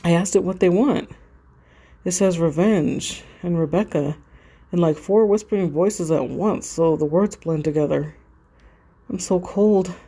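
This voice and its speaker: Woman reading a frightened teen girl, tense, lowish voice, plain text-story read. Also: measured pace, dark tone, husky. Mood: panicked. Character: frightened teenage girl haunted by ghosts.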